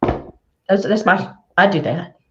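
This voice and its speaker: A woman career coach giving advice on a live show, emphatic and animated, repeating her key phrases for effect. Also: fairly low pitch, takes it slowly, dull audio.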